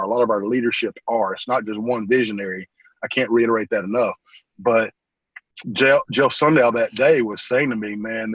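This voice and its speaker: Husky-voiced pastor talking earnestly. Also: male voice, medium pitch, dry recording, lo-fi sound. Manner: rambling, earnest, often says "man". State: emotional, holding back tears. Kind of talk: casual interview talk.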